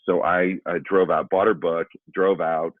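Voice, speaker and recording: A former school principal telling a candid, self-deprecating story to educators. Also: male voice, low-pitched, level tone, a little slow, dry recording. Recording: dry, phone-like narrow sound.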